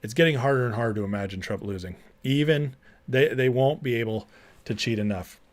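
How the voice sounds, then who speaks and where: A man's voice: mid-range voice, a little fast. A man hosting a livestream, talking casually, reading chat and mocking clips with frequent laughter. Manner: chatty, laughs often, mocking. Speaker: livestream host.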